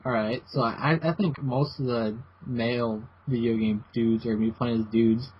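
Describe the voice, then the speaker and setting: A man's voice: medium pitch, fairly even intonation, slightly rough. A man hosting a casual gaming podcast, rambling and restarting his sentences. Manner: rambling, halting, many restarts. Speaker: podcast host. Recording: dull lo-fi podcast audio with faint hiss.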